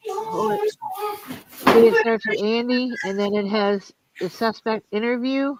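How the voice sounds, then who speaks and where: A woman hosting a live stream, casually talking through a mystery game and giving quick directions, with hiccups. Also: on the high side, a little mellow, slight background noise, poor audio. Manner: bossy, quick back-and-forth, restarts. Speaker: host playing a mystery game. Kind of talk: casual chat while playing a game.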